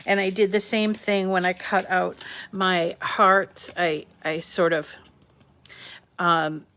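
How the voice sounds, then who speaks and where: A woman's voice: fairly low pitch, little pitch movement, takes it slowly, sharp tone, a little hiss or hum. A woman hosting a live paper-crafting tutorial, chatting casually with many ums and small restarts as she walks viewers through each step. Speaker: crafting channel host.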